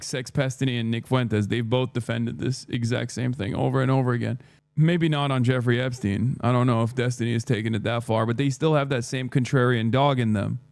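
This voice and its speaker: A man's voice: medium pitch, no echo. Male streamer, mid-range voice, sarcastic ranting commentary. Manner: sarcastic, crude, rapid rants. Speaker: political streamer.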